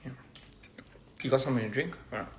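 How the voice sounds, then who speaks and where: A man casually chatting on a phone livestream over a meal, halting and repeating words and laughing at his own slips. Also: medium pitch, very noisy. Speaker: livestream host. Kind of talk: casual livestream chat while eating. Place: indoors at a meal table.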